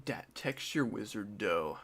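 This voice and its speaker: A man's voice: fairly low pitch, lively intonation, slow pace, a bit bright, breathy edge. A young man streaming, chatting casually and joking, his voice sometimes trailing off into mumbles. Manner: rambling, joking, drifts into mumbling. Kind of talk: casual live-stream chat.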